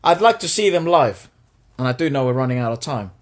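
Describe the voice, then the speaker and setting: A man with an expressive mid-range voice speaks a little fast while co-hosting a casual chat reacting to music videos. He reads song lyrics aloud, cracks jokes, uses British slang and swears now and then.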